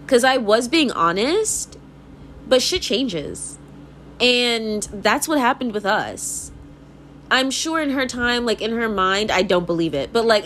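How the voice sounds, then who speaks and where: A young woman rambles through a casual monologue, emphatic and swearing freely with constant filler words. Her pitch sits in the middle range. A faint hum of room ambience runs behind her. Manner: animated, laughs and jumps into high mock voices.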